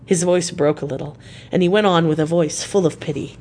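A woman narrating a classic novel as an audiobook, steady and measured. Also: low-pitched, a little hiss or hum. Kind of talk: scripted narration.

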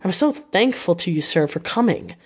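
A woman reading the lines of an anxious, devoted young gentleman who speaks eagerly and earnestly in a storybook reading. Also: fairly low pitch, big pitch swings, fairly quick, breathy edge.

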